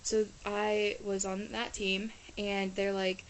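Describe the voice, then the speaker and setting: Teen girl, rambling casual vlog chat, lots of "like", mid-pitched voice. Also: little pitch movement, slow, slight background noise, rough recording. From Ohio, USA. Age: teens. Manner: rambling, chatty, full of "like" and restarts. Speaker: exchange student vlogger.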